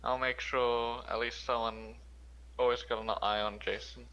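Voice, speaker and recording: Bright-voiced easygoing man player. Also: medium pitch, flat delivery, moderate pace, muffled recording, slight background noise. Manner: easygoing, thinks aloud. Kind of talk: casual tabletop role-play.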